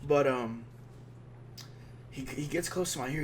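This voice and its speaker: A young man telling a rambling, slang-filled story in a casual monologue, dropping to a hush when he quotes his friend. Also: medium pitch, measured pace, a little hiss or hum. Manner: slangy, rambling, drops to hushed tones when quoting.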